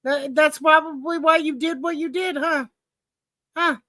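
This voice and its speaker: Bright, high-voiced woman commenting sarcastically. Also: fairly even intonation, unhurried, no echo, clean studio sound. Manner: sarcastic, talks back at the footage. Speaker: livestream commentator. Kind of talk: live reaction commentary.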